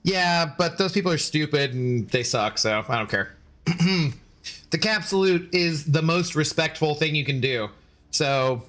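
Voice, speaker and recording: Bright, tense-voiced male gaming streamer. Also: fairly high pitch. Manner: jokey banter, answering chat. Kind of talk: casual live-stream chat.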